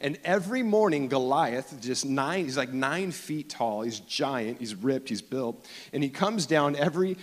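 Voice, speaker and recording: A man's voice: medium pitch, lively intonation, a little slow. A man pastor preaching a sermon in a casual, storytelling way with many restarts. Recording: long echo of a church hall.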